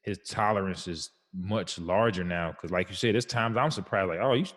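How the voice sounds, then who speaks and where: Very low-voiced laid-back man. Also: normal speed, a bit bright, big-room sound. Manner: laid-back, slangy, reflective storytelling. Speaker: podcast co-host. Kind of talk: casual chat.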